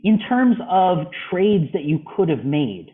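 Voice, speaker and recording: Unhurried and high-voiced, with big swings in pitch, a man walks a trading club through charts by video call and asks a student questions. The recording has phone-like audio.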